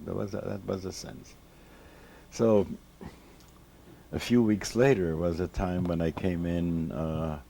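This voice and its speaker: A rabbi in his seventies, recalling his past in an interview from his home library, speaking slowly and reflectively with many restarts. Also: sits low, warm tone, a little hiss or hum. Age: 70s. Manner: slow, reflective, with many restarts and repeated words. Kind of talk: reminiscing storytelling in an interview.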